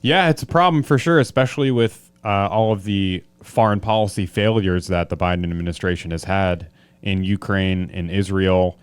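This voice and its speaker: A man co-hosts a political chat show, speaking briefly and in a relaxed way. His voice is a little low and smooth. It is recorded dry. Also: normal speed, dry recording. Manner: laid-back, brief agreeing replies. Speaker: podcast co-host. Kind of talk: casual political talk.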